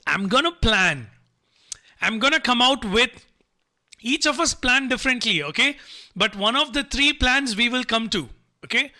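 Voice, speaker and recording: A man's voice: very high-pitched, expressive, normal speed, long pauses, pushed and bright. A man giving a live online motivational talk to students, repeating himself and coaxing the audience to type replies. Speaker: motivational speaker.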